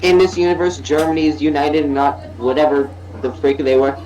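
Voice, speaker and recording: A man's voice: a little high, flat delivery, a little fast, a little mellow, highs cut off. A young man sitting in on a casual video, cutting in with wry, teasing comments and nitpicks. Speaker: guest co-host.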